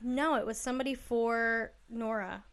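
A woman's voice: fairly high pitch, fairly even intonation, moderate pace, slight background noise. A woman co-hosting a podcast, chatting casually about a TV episode with enthusiastic, gushing reactions. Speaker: podcast co-host.

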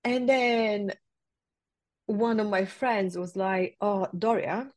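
A woman in her forties, a guest in a casual interview, telling her story in a lively way with frequent laughter. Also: mid-range voice, slow, no echo. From south-west London. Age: 40s. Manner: lively, laughs often, acts out past conversations. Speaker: interview guest, yoga teacher.

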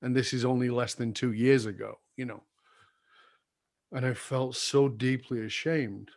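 Older male guest, earnest, confessional storyteller, softens at the tender moments. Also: fairly even intonation, measured pace. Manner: earnest, confessional, drops soft and low when recalling apologies. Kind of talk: reflective personal storytelling.

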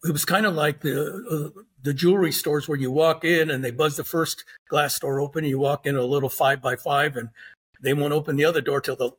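A man's voice: a little high, steady tone, a little fast, fairly bright tone, slightly rough. An older man, a former undercover officer, tells a story in a plainspoken way and acts out the dialogue. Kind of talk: storytelling interview.

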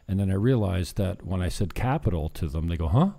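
A man's voice: low-pitched, fast, few pauses, dark tone. A man chatting casually in a vlog, rambling and joking at himself, slipping in broken Spanish. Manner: rambling, self-mocking, drops in broken Spanish. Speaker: vlogger.

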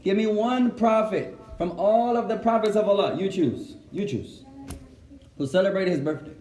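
Man, religious teacher, high voice, animated, quizzes the class, roomy echo. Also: moderate pace, soft background music. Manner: animated, switches between Arabic and English, asks the class questions. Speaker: Islamic teacher. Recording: echoey room.

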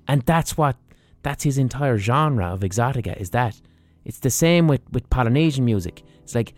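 A man's voice: mid-range voice, lively intonation, moderate pace, darkish tone, no room sound. A man hosting a podcast, delivering a blunt, profane, ranting monologue. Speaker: podcast host.

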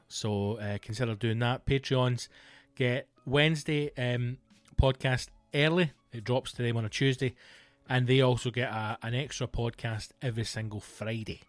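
A man's voice: medium pitch, dry recording. A Scottish man hosting his own podcast, talking in a rambling, jokey comedic monologue full of playful asides. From Scotland.

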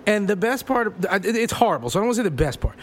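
A man's voice: high voice, big pitch swings, very fast, slight background noise. A man co-hosting a casual podcast, telling profane bar stories and mimicking the people in them. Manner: profane storytelling, does voices of people in anecdotes. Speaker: podcast co-host. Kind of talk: casual chat.

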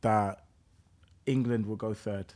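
A man hosting a casual football podcast, relaxed and playful, teasing his guests. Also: lowish voice, slow. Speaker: podcast host.

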